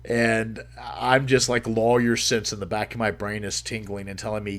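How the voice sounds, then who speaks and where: A man's voice: lowish voice, level tone, moderate pace, hardly any pauses, fairly bright tone. A man hosting a livestream, telling a story in a casual, profane way, swearing freely and laughing as he goes. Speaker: livestream host.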